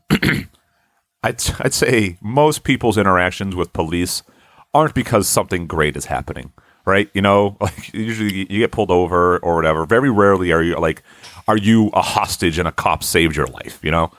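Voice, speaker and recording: Laid back guy on a podcast, lowish voice, chuckles, says like a lot, dry mic. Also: moderate pace, dry recording. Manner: relaxed, chuckling, filler-heavy. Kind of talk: casual podcast chat.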